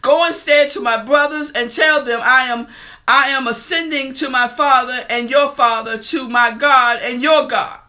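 A woman's voice: high-pitched, fairly even intonation, a little slow, bright, forceful tone. A woman preaching a sermon, reading scripture aloud and speaking to her listeners in an earnest, heartfelt way.

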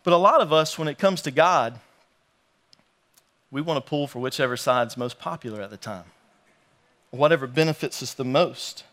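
A young man preaching a sermon, joking with the crowd, reading scripture slowly and acting out the quoted taunts with energy. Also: medium pitch, a bit bright. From North Carolina. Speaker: pastor.

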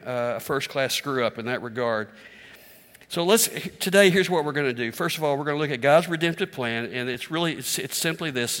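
A man's voice: medium pitch, a bit bright, in a large hall. A middle-aged male pastor preaching a sermon in a candid, self-deprecating, conversational way.

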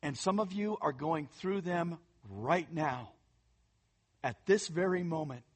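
A pastor preaching an earnest, emphatic sermon, often repeating words for emphasis and building to loud stressed phrases. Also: medium pitch, takes it slowly, husky.

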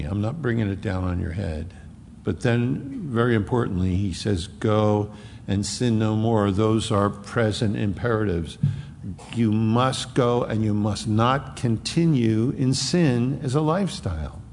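A man's voice: medium pitch, in a large hall, a little hiss or hum. A man preaching a sermon as a pastor, with emphatic repetition.

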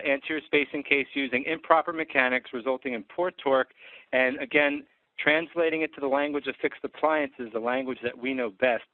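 A man's voice: medium pitch, dry recording. A man who is an orthodontist, giving a methodical clinical lecture on treatment cases, with frequent fillers. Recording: dry tinny phone-like sound.

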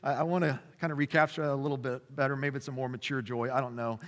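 A man's voice: mid-range voice, fairly even intonation, fast talker. A man in his forties preaching as a pastor in a church, passionate and conversational, with frequent fillers and restarts. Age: 40s. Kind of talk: sermon. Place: church sanctuary. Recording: long reverb in a church hall.

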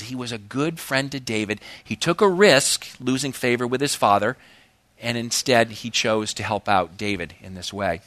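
A man preaching a sermon in an animated way, with big rises in pitch and slow, emphatic phrases. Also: no room sound. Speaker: pastor.

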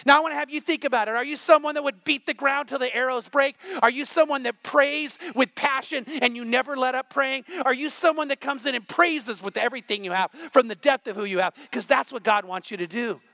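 A middle-aged male pastor preaching a sermon, impassioned and building to near-shouts. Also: very high-pitched, a little fast, few pauses, dry recording.

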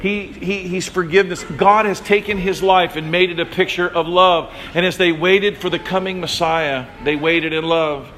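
A man preaching a sermon as pastor, telling the story with animated voices and calling on listeners by name. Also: high voice, moderate pace, hardly any pauses, slight background noise, low-quality recording. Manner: speaks directly to congregation members by name.

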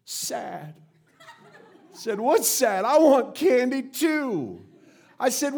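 Animated high-voiced male pastor preaching. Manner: animated storytelling, acting out dialogue with rising pitch. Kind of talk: sermon. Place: church sanctuary.

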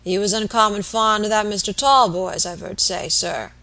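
A woman reading aloud as a dying, rough-spoken working man, bitter and feverish, with coarse rural speech. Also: medium pitch, moderate pace, pushed and bright. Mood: confiding.

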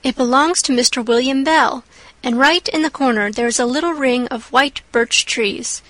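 A woman's voice: high voice, moderate pace, fairly bright tone, no room sound. Anne Shirley, a woman doing a gushing girl. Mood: dreamy chatter. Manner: breathless, gushing, rapturous. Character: chattering imaginative orphan girl, eleven, dreamy.

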